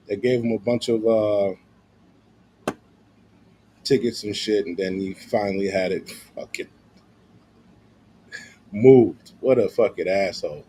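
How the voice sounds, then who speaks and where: A man's voice: fairly low pitch, takes it slowly, pauses often, warm tone, slight background noise. A man streaming casual, profane commentary, slangy and loose with lots of filler.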